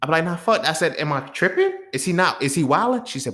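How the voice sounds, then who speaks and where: A man's voice: fairly high pitch, very animated, fast, fairly bright tone. Young guy ranting on his podcast, blunt and cussing a lot, all fired up. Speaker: podcast host. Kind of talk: casual monologue.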